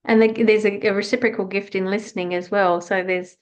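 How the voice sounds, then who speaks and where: A woman podcast host leads a relaxed interview. She encourages her guest with short affirming replies and gentle questions. Her voice sits at a medium pitch. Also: a little fast. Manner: encouraging, affirming, brief prompts. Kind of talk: casual interview conversation.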